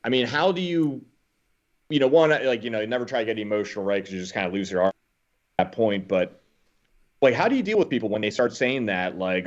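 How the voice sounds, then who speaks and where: A low-pitched man chats as a podcast guest, telling stories in a blunt, casual way and swearing freely. His voice comes through dull and muffled, like a lo-fi recording. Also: lively intonation, fairly quick. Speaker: guest, former Marine. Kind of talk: casual conversation.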